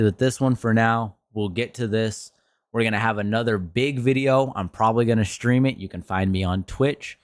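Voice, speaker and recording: A man's voice: lowish voice, fairly even intonation, moderate pace, no echo, studio quality. A man who streams, ranting in a commentary video, frustrated and swearing often, his voice jumping up sharply when worked up.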